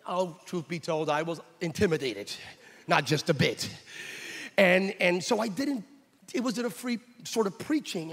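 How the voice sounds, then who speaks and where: A pastor preaching in a high, ringing voice, pressing his points with emphasis. He drifts into stories and acts out the voices in them. The sound carries a long reverb tail from a large hall. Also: fairly bright tone. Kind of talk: sermon with personal storytelling.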